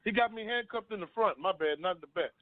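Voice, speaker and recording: A man's voice: sits high, fast, dry recording. A man on a talk panel, earnestly telling a long personal story and often repeating himself. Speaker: panel guest. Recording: dry phone-line sound.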